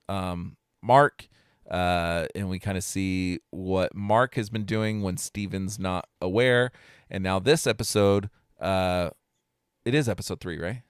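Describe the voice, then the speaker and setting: Deep, smooth-voiced laid-back man. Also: no echo, studio quality. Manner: laid-back, laughs often, curses casually. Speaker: podcast co-host. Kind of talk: casual chat. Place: home. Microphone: remote home setup.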